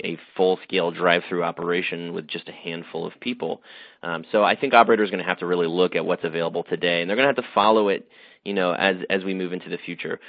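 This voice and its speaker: A man's voice: deep voice, no echo. A man, a magazine editor, answering interview questions thoughtfully, with frequent fillers and restarts. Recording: dull, dry sound.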